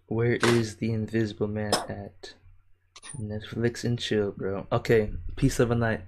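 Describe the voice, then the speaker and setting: A young man chats on a livestream in a lowish voice, loose and full of slang and swearing. He laughs a lot and reads viewer comments aloud warmly. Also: flat delivery, a little slow, noisy background. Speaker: livestream host. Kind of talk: casual livestream chat.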